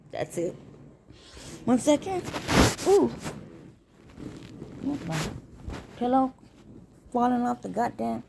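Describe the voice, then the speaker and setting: A woman's voice: a little high, slow, vocal fry, pauses often, noisy background. Chatty woman vlogging from bed. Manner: chatty, swears freely, animated retelling. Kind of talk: casual storytelling vlog. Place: lying in bed at home.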